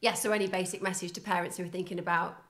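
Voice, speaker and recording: A woman's voice: lowish voice, little pitch movement, a bit bright. A middle-aged woman co-hosting a podcast, telling stories in a chatty way and laughing often. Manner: chatty, storytelling, quick to laugh. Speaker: podcast co-host. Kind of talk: casual chat.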